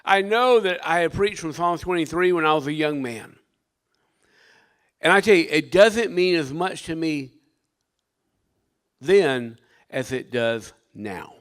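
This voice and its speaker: An older man, a pastor, delivering a sermon with dynamic preaching that swings from loud emphasis to hushed tones. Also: a little high, unhurried, long pauses, dry recording.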